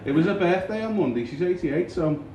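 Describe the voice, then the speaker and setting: A young man from Liverpool with a Scouse accent, doing a dry, deadpan stand-up set in a small comedy club. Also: high voice, fairly quick, dull audio. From Liverpool, England. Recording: roomy far-off club recording with crowd noise.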